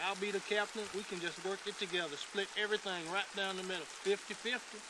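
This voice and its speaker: A man's voice: high voice, fairly even intonation, fast talker, lightly acted. An actor playing a friendly, talkative young soldier who eagerly rambles about his plans. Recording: film clip with rain noise.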